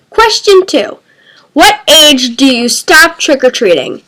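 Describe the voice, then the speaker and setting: A young girl hosts a casual tag video from her own channel, playful and prone to giggling. Her voice sits high and swoops widely, and she takes her time over each word with a bright, clear tone. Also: sing-song. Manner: playful, giggly, drawn-out words. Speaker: vlogger. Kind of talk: casual question-tag vlog.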